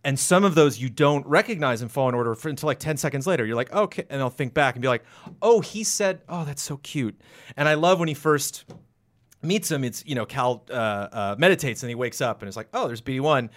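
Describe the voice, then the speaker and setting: A man in casual podcast chat, rambling and animated, acting out quotes with sudden jumps into a high voice. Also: quick pace. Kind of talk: casual podcast chat about video games.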